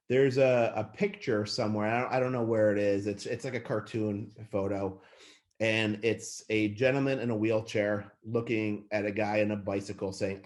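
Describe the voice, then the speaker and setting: A man in his thirties giving a fast, passionate motivational talk to managers on a call, with frequent restarts. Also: on the low side. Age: 30s. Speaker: real estate team leader speaking to managers.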